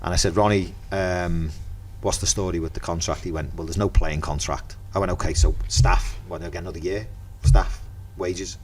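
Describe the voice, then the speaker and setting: A middle-aged man with a Merseyside accent, a podcast guest in casual chat, telling lively anecdotes and acting out the dialogue. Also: sits low, moderate pace, hardly any pauses, a little hiss or hum. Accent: Merseyside English. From Merseyside, England.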